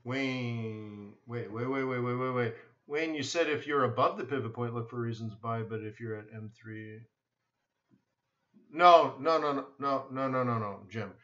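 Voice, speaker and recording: A man's voice: mid-range voice, normal speed, fairly bright tone. Blunt man in an echoey room. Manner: blunt, repeats words, emphatic. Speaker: forex trading webinar host. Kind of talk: live stream chat answering viewers. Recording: echoey room, dull lo-fi sound.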